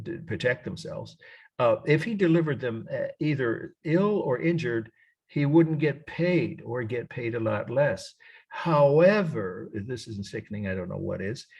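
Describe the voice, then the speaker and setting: A man's voice: on the low side, husky. A man lecturing on art history to a college class, conversational and repeating key points for students taking notes.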